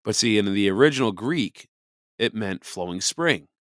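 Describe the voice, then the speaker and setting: A podcast host walks through scripture in a loose, conversational commentary, leaning on "you know" as he goes. His voice sits on the low side for a man and sounds dry and close, with no room around it. He hits his points with a preacher's emphasis. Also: animated, normal speed, dry recording. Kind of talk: casual Bible commentary.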